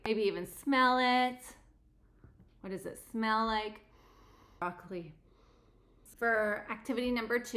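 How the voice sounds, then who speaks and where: A woman teacher showing classroom vocabulary games, friendly, slowing down and drawing out words as she models them for children. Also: medium pitch, fairly bright tone.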